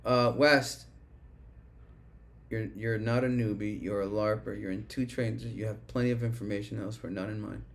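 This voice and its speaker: A man's voice: fairly low pitch, steady tone, normal speed, slight background noise. Profane, rambling livestream trader man. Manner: chants rap lyrics between loose profane trading talk. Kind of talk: live market commentary.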